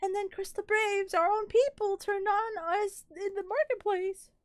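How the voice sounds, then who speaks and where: Woman streamer putting on a tiny, teary, squeaky receptionist girl from a game, earnest and high-pitched. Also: fairly even intonation, measured pace, dry recording, clean studio sound. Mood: distraught. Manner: squeaky, emotional read-aloud. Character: tiny excitable female receptionist, tearful and earnest. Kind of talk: reading game dialogue aloud.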